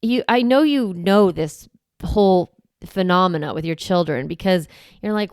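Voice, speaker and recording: Calm woman podcast host, smooth voice. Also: fairly low pitch, normal speed, no room sound, clean studio sound. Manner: conversational, encouraging, acts out parent quotes. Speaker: podcast host, parenting coach. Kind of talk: podcast teaching monologue.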